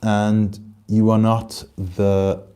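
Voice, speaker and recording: Guy doing a live stream, lowish mellow voice, rambly and chatty, reads comments out. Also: monotone, drawn-out words, clear, resonant tone. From Britain. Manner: rambling, talks straight to viewers and reads out their comments. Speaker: channel host. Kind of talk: casual livestream commentary.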